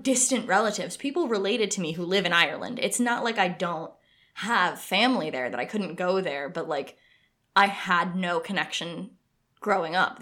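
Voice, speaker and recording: A woman co-hosting a podcast, chatting casually about a book she loves, with lots of restarts. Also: lowish voice. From United States. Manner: chatty, animated, with frequent restarts. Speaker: podcast co-host.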